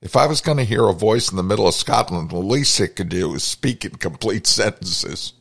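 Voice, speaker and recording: A man's voice: fairly low pitch, animated, moderate pace, gravelly, a bit bright, husky. A man hosting a podcast, telling a personal story in a reflective, confessional way. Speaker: podcast host.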